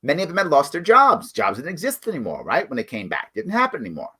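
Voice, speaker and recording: A middle-aged man with a bright, forceful voice pitched a little high. He hosts a political commentary livestream and speaks bluntly and emphatically, addressing viewers directly. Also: huge pitch swings, quick pace, breathy edge. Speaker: political show host.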